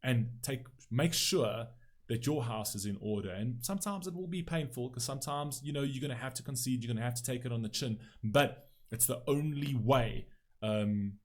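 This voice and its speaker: A man hosting a music reaction video, giving blunt, emphatic commentary with frequent swearing and "right?" tags. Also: on the low side.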